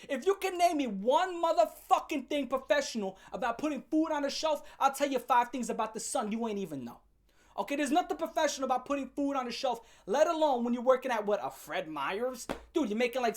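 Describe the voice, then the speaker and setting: High-voiced woman ranting bluntly. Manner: blunt, fast-shifting, heavy swearing and slang. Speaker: commentary channel host. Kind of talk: profane comedic rant.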